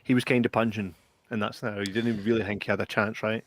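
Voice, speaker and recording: A man's voice: on the low side, fairly even intonation, racing, no room sound. A Scottish man co-hosting a podcast, bantering casually and teasing his friend. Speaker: podcast co-host. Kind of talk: casual film review chat.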